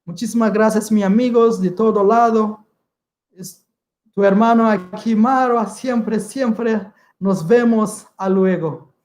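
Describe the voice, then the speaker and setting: A man's voice: high voice, a little slow, a little mellow. A man hosting a casual livestream, chatting with his viewers, repeatedly calling them "man" and thanking them. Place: indoor room, streaming live. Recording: roomy echo.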